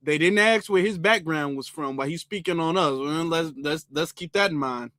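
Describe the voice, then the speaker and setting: High, bright-voiced man reacting to a clip. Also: normal speed, no room sound. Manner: animated, emphatic, talks straight to viewers. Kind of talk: casual reaction commentary.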